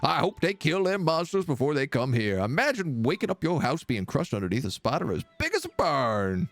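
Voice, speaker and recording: A man's voice: fairly high pitch, big pitch swings, fairly quick, a bit bright, dry recording, faint music behind, pitched above the performer's own voice. A man voicing a fretful villager gossiping about giant spiders, chattering away. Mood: worried.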